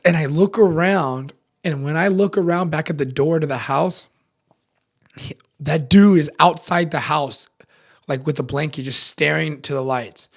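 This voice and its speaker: A man's voice: fairly high pitch, unhurried. Slangy young man telling a story. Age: young adult. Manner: animated, slangy, many fillers. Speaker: podcast contributor. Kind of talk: casual storytelling.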